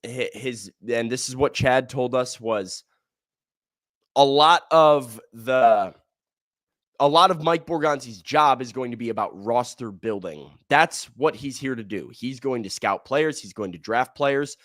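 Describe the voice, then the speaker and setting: Male sports podcast host, mid-pitched, rambling and excitable, dry close mic. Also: a little slow, no room sound. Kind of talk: casual sports talk.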